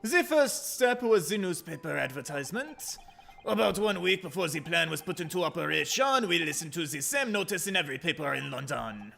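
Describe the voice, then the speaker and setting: A man reading game dialogue as a calm, dignified con man with a put-on French accent, measured and poised. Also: on the high side, gravelly, faint music behind, heavily acted. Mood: composed.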